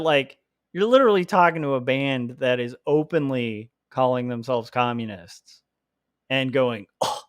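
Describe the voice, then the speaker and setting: On the high side in pitch, this man's voice is recorded cleanly in studio quality with no room sound. He's a comics artist livestreaming as he draws, rambling casually, laughing often, and filling his speech with "like."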